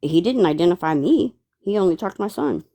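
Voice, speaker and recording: A caller in their forties on a live stream, speaking hesitantly, with halting starts and many fillers. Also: mid-range voice, expressive, dark tone.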